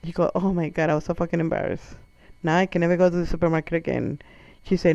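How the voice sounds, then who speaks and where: Animated foreign-born man telling comic stories. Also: fairly high pitch, fast talker, gravelly, few pauses, dry recording, muffled recording. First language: not English. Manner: animated, profane, acts out quoted voices. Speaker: comedian. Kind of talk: comic storytelling monologue.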